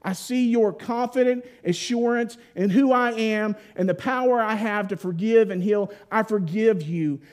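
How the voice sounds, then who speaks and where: High-voiced man preaching a folksy sermon. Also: measured pace, few pauses. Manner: folksy storytelling with playful voiced asides; drops to a hushed, solemn tone at key points.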